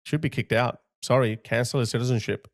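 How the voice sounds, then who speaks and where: A man's voice: mid-range voice, steady tone, a little fast, creaky. A man giving impassioned video commentary, emphatic and indignant, driving his points home by repeating phrases. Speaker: political commentator.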